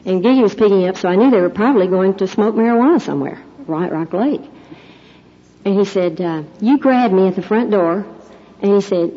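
Lady preaching, earnest storyteller, kinda husky, muffled old recording. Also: medium pitch, normal speed, dark tone. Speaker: Christian speaker, mother. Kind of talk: sermon-style talk with prayer. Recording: dull lo-fi recording.

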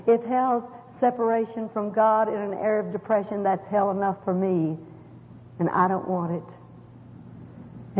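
A middle-aged woman gives a folksy, emphatic spoken testimony to an audience. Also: a little high. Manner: folksy, emphatic, with sudden rises and drops. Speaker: women's speaker giving testimony. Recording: echoey hall, tinny phone-like sound.

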